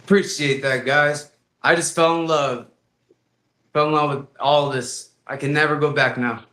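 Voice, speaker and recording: A man, a fighter and guest, telling comic stories in a lively way and acting out voices. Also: on the high side, moderate pace, roomy sound. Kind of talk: animated storytelling on a podcast.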